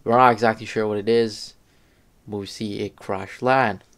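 A man's voice: lowish voice, steady tone, normal speed. A man talking casually about his fan casting ideas, rambling with many fillers and self-corrections. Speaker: fan commentator.

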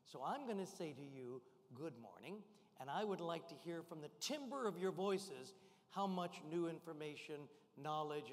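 An older man speaking to a crowd with a high, energetic voice, calling out to the audience and getting them on their feet. His voice rings out with a long reverb from a big hall. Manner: energetic, rousing the crowd with call-and-response shouts. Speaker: guest speaker. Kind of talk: motivational keynote to a live audience. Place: large event hall.

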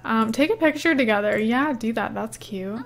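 A young woman with a slightly high voice narrates her life-sim gameplay at a moderate pace for her YouTube channel. It's relaxed let's-play talk, giggly and chatty, with lots of "um" and "like."

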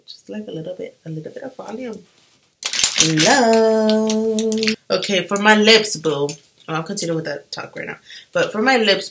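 A woman's voice: lowish voice, slight background noise, low-quality recording. A young woman chatting casually while doing her makeup, talking animatedly. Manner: chatty and animated, full of fillers. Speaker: beauty vlogger.

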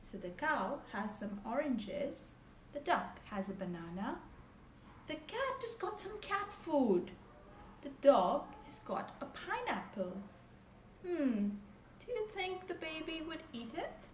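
A woman's voice: high voice, sing-song, slow pace, far from the mic, a little hiss or hum. A woman reading a children's picture book aloud, in a sing-song way with playful animal noises, and stopping to ask the listener questions. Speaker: storybook reader. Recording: echoey room with faint ambience.

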